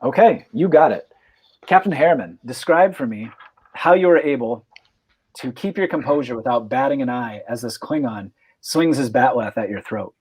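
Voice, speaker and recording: A man's voice: medium pitch, animated, moderate pace, a little mellow, husky. A man narrating as game master of a tabletop role-playing game, explaining rules with fillers and restarts.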